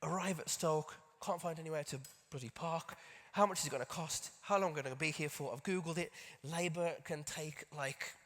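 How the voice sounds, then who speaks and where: On a big conference stage, a man tells a personal story in a chatty way, tossing self-mocking asides to the crowd. His voice is on the high side and fairly bright, moving a little fast with hardly any pauses. The recording carries the long reverb of the hall.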